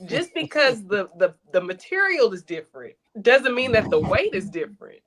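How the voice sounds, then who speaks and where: Woman chatting on a podcast, tells stories and acts out what people said, mid pitch. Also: moderate pace. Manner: animated storyteller, acts out quoted dialogue. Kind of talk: casual chat.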